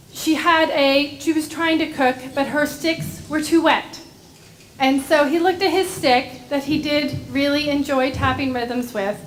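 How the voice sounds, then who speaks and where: A woman gently telling a story to children during a church service. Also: high-pitched, a little hiss or hum. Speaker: director of religious education. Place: church sanctuary.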